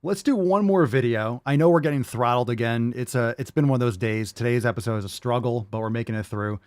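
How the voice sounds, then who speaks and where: A man's voice: mid-range voice, fairly quick, a little mellow, no echo, clean studio sound. A man hosting a livestream podcast, reacting to clips with a profane, exasperated rant. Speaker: podcast host.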